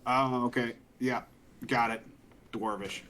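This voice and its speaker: A man's voice: mid-range voice, steady tone, slow pace, bright, forceful tone. Easygoing man playing a tabletop game. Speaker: player. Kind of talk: casual game talk.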